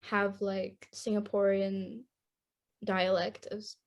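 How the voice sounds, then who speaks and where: A woman's voice: medium pitch, little pitch movement, takes it slowly. A teenage girl from Indonesia co-hosting a casual podcast chat, rambling and laughing often. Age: teens. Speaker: podcast co-host.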